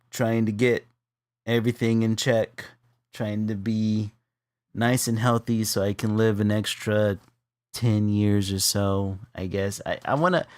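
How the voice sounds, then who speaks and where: A man spinning a funny personal story in an easygoing chat. He laughs a lot and his voice leaps up when the story gets exciting. The sound is dry and close, with no room around it. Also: lowish voice, clear, resonant tone, dry recording. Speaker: co-host of an art stream.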